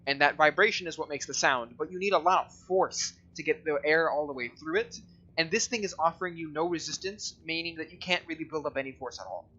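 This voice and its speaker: A man's voice: on the high side, brisk, pushed and bright, dull audio. A man running a tabletop game as dungeon master, describing scenes in a rambling, hesitant way with many fillers.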